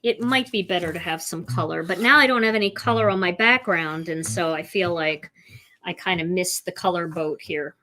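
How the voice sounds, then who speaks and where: A woman's voice: fairly low pitch, normal speed, bright, forceful tone, slight background noise. Gushing, chatty woman demonstrating crafts. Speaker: card-making host.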